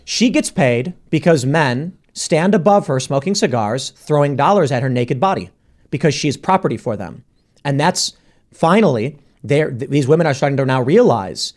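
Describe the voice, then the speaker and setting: A man hosting a podcast panel, arguing his points in a casual debate with quick bursts. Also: fairly high pitch, lively intonation. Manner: argumentative, rapid bursts. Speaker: podcast host.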